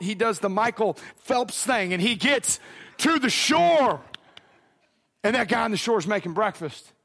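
A man's voice: sits high, fairly bright tone. A man preaching a sermon, dramatic and casual, acting out the voices in a Bible story. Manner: casual slangy phrasing.

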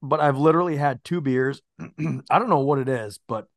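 A laid-back man in casual podcast chat, mid-pitched, with loose fillers and casual swearing. He keeps getting hit by hiccups and burps. The sound is dry and close. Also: moderate pace, no room sound. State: hiccuping and burping. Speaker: podcast co-host. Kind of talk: casual movie review chat.

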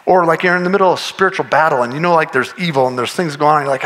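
A male pastor preaches to his congregation in a casual, conversational sermon. His voice sits a little higher than most men's, and he slips into imagined voices to make his point. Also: rapid-fire, hardly any pauses, fairly bright tone.

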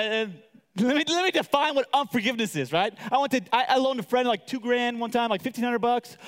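Animated man preaching in a big hall. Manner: animated, acts out quotes with big pitch jumps. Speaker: pastor. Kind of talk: sermon. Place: large hall with audience.

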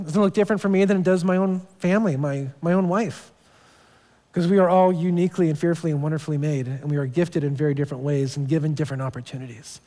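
A man's voice: on the high side, mellow. A man in his thirties, a pastor giving a sermon in a church, telling stories casually and often restarting his phrases. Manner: casual storytelling with repeated restarts. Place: church sanctuary. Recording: long church hall reverb.

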